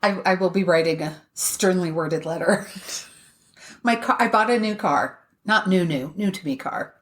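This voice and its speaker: A woman's voice: lowish voice, unhurried. A woman co-hosting a podcast, telling a story in casual chat, blunt and swearing freely. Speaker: podcast co-host.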